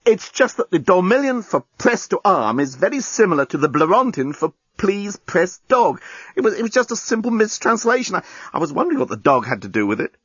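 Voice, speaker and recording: A man voicing a gruff, wounded alien journalist who growls and gasps and dodges questions. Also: high voice, sing-song, fairly quick, a bit bright, no room sound, dull audio, pitched above the performer's own voice, full character voice. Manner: growling, gasping.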